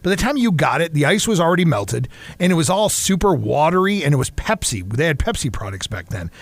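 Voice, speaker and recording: A man's voice: fairly high pitch, very animated, brisk, no room sound. A middle-aged man from Michigan, co-hosting a talk show, chatting in a reminiscing, wry way. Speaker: co-host. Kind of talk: casual chat.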